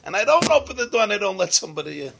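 Brief: man playing a calm, firm old holy master, bright voice pushed higher, emphatic. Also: racing, gravelly, full character voice, poor audio.

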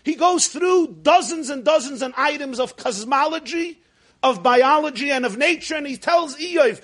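Torah teacher, male, very high voice, emphatic, wry lecture delivery. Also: normal speed, a bit bright. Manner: emphatic, repeats words for stress. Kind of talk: scripture lecture.

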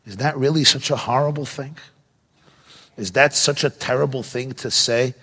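A man teaching a Torah lesson in sermon style, animated and full of rhetorical questions. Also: medium pitch, normal speed, husky. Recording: long hall reverb.

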